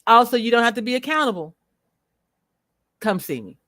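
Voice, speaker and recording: A woman hosting a livestream, speaking bluntly and with profanity as she rants at viewers, slowing down to stress her words. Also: a little high, animated, a bit bright, no echo, studio quality. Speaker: livestream host. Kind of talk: unscripted livestream commentary.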